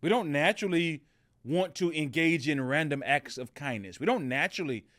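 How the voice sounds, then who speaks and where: A man's voice: fairly high pitch, expressive, normal speed, fairly bright tone, no room sound, studio quality. A middle-aged man hosting a motivational podcast, telling a story in a casual way with many fillers and restarts. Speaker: podcast host.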